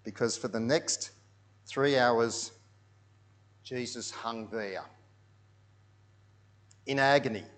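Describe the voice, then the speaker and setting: A man delivers a sermon as a vivid story, walking listeners through pictures on screen. His voice sits at an ordinary middle pitch. He sinks to near-hushed tones for solemn moments and swells loud for the big ones. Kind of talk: sermon narrated over pictures.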